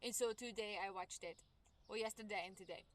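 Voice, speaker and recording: A woman's voice: medium pitch, brisk. A young woman streaming a game, chatting casually and cheerfully with her viewers while she plays. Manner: chatty, bubbly, talks to chat while playing. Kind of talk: casual livestream chat. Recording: game music clearly behind the voice. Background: game music.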